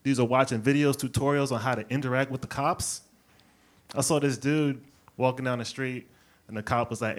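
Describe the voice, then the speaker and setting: A man from Brooklyn doing a stand-up set on a club stage, telling stories with lively character bits and laughing at his own jokes. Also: medium pitch, a little fast. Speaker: stand-up comedian.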